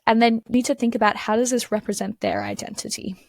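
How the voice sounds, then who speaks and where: Australian woman, young adult, tutor, chatty, lots of ums, some vocal fry, dry close sound. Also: fairly high pitch, fairly even intonation, fast talker, dry recording. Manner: chatty, many fillers and restarts. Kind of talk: casual screen-share lesson.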